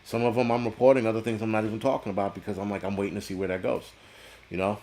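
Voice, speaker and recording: Brief: crude, rambling male livestream host, low-pitched, swears nonstop, chats with viewers. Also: flat delivery, very fast, darkish tone. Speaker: livestream host reading chat. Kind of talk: casual profane livestream rant.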